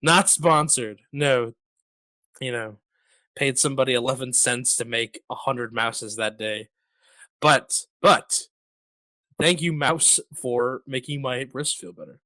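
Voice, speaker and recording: A man's voice: mid-range voice, slow, pushed and bright, no room sound. A man hosting a podcast, chatting casually in a rambling, joking way full of fillers. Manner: rambling, jokey, lots of fillers. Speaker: podcast host. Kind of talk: casual chat.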